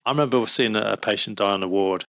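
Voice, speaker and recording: Low gravelly man in earnest chat. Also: fast talker, a bit bright, no room sound. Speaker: podcast guest; doctor. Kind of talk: casual conversation.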